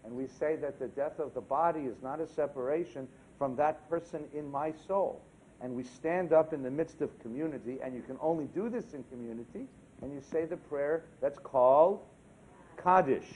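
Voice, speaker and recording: A man who is a rabbi giving a sermon during a synagogue service, animated and humorous, often asking the congregation questions. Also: on the high side, muffled recording.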